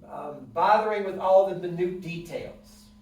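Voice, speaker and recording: Guy teaching a class, bit high voice, asks people questions, sounds far off in a roomy echoey space. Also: measured pace, a little mellow. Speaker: wellness instructor. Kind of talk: classroom lecture with guided breathing. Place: room with a class present. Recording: echoey room, mic from a distance.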